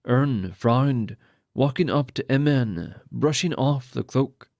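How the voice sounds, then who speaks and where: A man narrating a fantasy audiobook in a steady, even reading voice. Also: mid-range voice, slow, vocal fry, no echo, clean studio sound.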